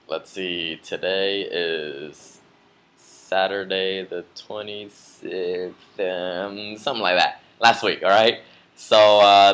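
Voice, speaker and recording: A man with a fairly low voice tells a personal story straight to camera. He rambles in a casual vlog style, with plenty of fillers and restarts. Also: fairly bright tone. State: just woke from a nap. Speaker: vlogger.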